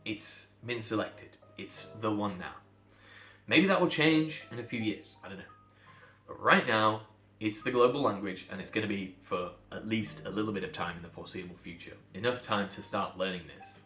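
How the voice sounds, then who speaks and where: A man from England, a speech coach, talking bluntly and emphatically to camera, sometimes building to loud outbursts. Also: lowish voice, moderate pace, reverberant, faint music behind.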